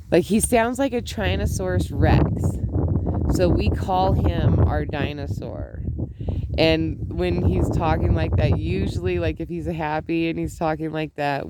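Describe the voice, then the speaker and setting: A woman's voice: on the low side, a little mellow, a little hiss or hum. A middle-aged woman vlogging outdoors at home, chatting in a rambling way with many restarts. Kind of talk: casual chat.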